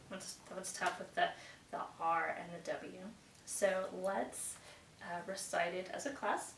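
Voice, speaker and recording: A woman's voice: on the low side, fairly even intonation, a little slow, creaky, fairly bright tone, far from the mic. A woman teaching English pronunciation to a class, praising students often and reciting tongue twisters with care. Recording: roomy echo, voice away from the mic, faint background noise.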